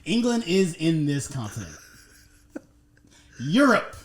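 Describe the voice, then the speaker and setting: A man hosting a podcast in casual chat, an animated and joking storyteller full of slang. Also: on the high side, slow pace, a crowd in the background. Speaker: podcast host.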